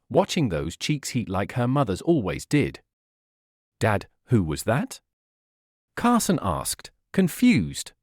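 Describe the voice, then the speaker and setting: A man telling a first-person story as narrator, reading in an expressive way. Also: mid-range voice, no room sound, clean studio sound.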